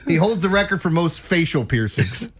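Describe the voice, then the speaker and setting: Man, radio host, high voice, very lively pitch, casual banter. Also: normal speed, breathy edge. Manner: animated, laughing, riffing.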